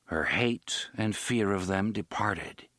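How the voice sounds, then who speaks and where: A man narrating a story in an expressive audiobook style. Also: fairly low pitch, slow, no echo, clean studio sound. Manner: expressive, varied delivery.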